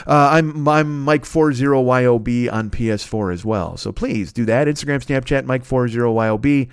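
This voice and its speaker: A man's voice: mid-range voice, moderate pace, smooth, dry recording, studio quality. Rambling, profane podcast host man. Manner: rambling, profane, self-mocking. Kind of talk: casual plugs and shout-outs.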